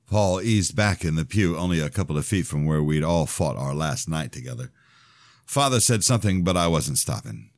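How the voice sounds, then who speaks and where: A man narrating his own novel aloud in an expressive first-person telling. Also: a bass voice, moderate pace, no echo, studio quality. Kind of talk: audiobook-style fiction reading.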